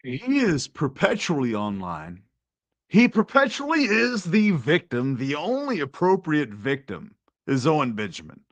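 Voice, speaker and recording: Male commentary host, mock-outraged, slow delivery, dry recording. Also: on the high side, huge pitch swings, no echo. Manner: sarcastic, mock-indignant, slow and drawn out. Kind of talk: casual commentary.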